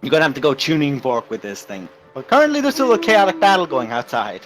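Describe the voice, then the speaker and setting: Lively man narrating a tabletop game. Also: on the high side, quick pace, over music. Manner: vivid, descriptive narration. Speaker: game master.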